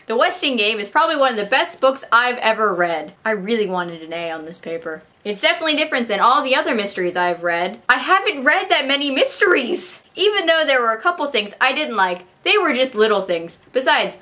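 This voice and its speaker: A young woman just out of high school talks casually to her camera in a bright, clear voice pitched a little high. She reads her old essay aloud and punctures it with dry, wry comments. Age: late teens. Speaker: vlogger. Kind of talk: casual vlog.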